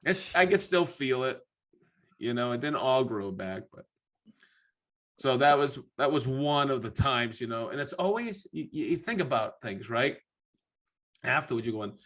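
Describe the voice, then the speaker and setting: Man, podcast host, bright and forceful, casual storyteller, profane, acts out his reactions. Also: medium pitch, animated, normal speed.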